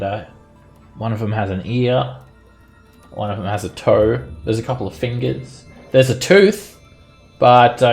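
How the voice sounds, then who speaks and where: A man narrating as dungeon master of a tabletop game, describing the action in a lively way with chuckles. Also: fairly low pitch, gravelly.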